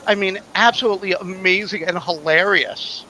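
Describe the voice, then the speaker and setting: A man's voice: high voice, normal speed, noisy background. A man hosting a casual livestream panel, telling easygoing, joking stories. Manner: chatty storyteller, easygoing and joking. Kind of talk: casual chat.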